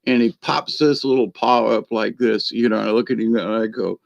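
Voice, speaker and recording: A man's voice: fairly low pitch, normal speed, creaky, dry recording. A man hosting a spiritual channel, telling a meandering story at home by his computer, chuckling often and filling gaps with "you know.". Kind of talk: rambling casual storytelling monologue. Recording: dry, slightly dull lo-fi sound.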